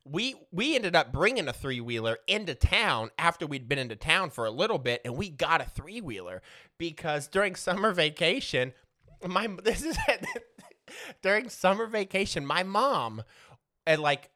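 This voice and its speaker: Lively, bright-voiced man telling a story. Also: a little high. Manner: profane, rambling, laughs often. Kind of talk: casual comedic storytelling.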